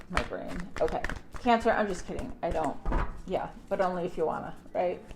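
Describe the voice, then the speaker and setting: A middle-aged woman giving a casual tarot reading to her audience, chatty and animated, with playful asides. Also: fairly low pitch, unhurried, background noise. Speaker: tarot reader.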